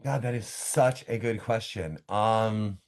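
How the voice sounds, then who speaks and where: Excitable man telling stories. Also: on the low side. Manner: animated storytelling with quick asides and restarts. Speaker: author guest. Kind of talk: casual interview talk. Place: home office.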